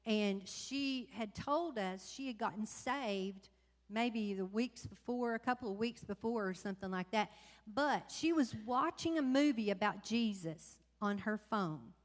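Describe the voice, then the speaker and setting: A woman telling stories from a mission trip to her church, rambling and animated, with many restarts. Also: a little high. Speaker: mission trip member giving report. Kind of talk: casual testimony to congregation. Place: church sanctuary. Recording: long church hall reverb.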